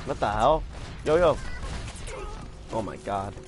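A young man talking over his gameplay with a very lively, up-and-down voice, cursing as he goes. He swings between excited yelling and low muttering, with faint music in the background. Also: slow pace. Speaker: gaming channel host. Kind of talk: casual gameplay chat.

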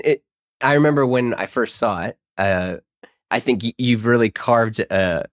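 A man's voice: on the low side, no room sound, clean studio sound. A man hosting a podcast, introducing his guest and chatting in an easygoing, riffing way. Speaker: podcast host. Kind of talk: podcast interview.

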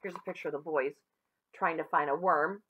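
A woman teacher reading a chapter book aloud to children, expressive and addressing them directly. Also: sits low, a little fast, slightly rough, muffled recording. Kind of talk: children's story read-aloud.

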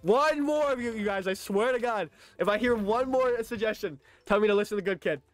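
A man's voice: high voice, a little fast, no echo. A young man streaming a game, chatting casually and ranting in rambling reactions to his chat.

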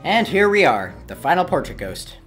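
A man narrating his gameplay in a casual, running commentary, quick to curse and plead when things go wrong. His pitch is lively and leaps around between calm remarks and sudden outbursts. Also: faint music behind. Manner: easily frustrated, swears and pleads at the game. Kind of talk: let's play commentary.

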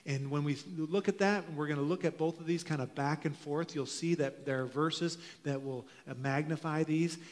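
A man preaching a sermon as pastor to his congregation, earnest, drawing out key phrases slowly for emphasis. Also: fairly high pitch, steady tone. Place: church sanctuary. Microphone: handheld microphone. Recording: long hall reverb of a church.

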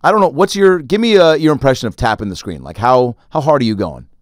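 Fast, animated man telling a story. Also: medium pitch, no room sound. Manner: animated, acts out other people in his stories. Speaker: podcast host. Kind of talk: casual storytelling chat.

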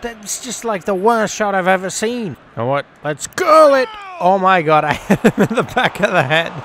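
A man with a notably high voice commentates his football game run with jumpy, excitable energy. He swears, jokes and talks straight to his viewers. A faint noise sits under the recording. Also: moderate pace. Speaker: gaming YouTuber. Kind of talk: casual gameplay commentary.

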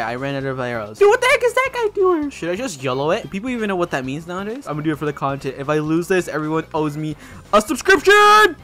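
Hyped high-voiced young gaming guy. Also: a bit bright. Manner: hyped, keeps calling out to "boys", yelps and laughs at plays. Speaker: gaming YouTuber. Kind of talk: excited gameplay commentary.

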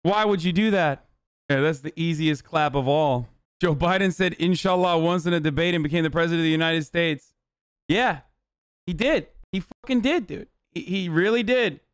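A man streaming live, reacting to news clips in an excitable, profane, rambling way. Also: fairly high pitch, normal speed, smooth, no echo, studio quality. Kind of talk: casual reaction commentary.

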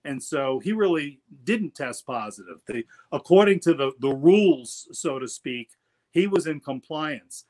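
A man's voice: on the high side, expressive, unhurried, darkish tone. A middle-aged man, an attorney guest, telling stories in casual interview talk and often repeating words as he goes.

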